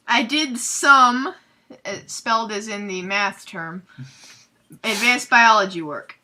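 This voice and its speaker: A young woman hosting a comedic fanfiction readthrough, reading aloud with sarcastic, giggly, deadpan asides. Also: a little high, takes it slowly.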